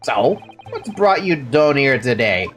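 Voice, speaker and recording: Brief: woman playing a folksy Scottish prison governor, middle-aged man, low and lilting, lively pitch. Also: slow pace, faint music behind, heavily acted. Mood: jovial. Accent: put-on Scottish. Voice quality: folksy, brogue-laden.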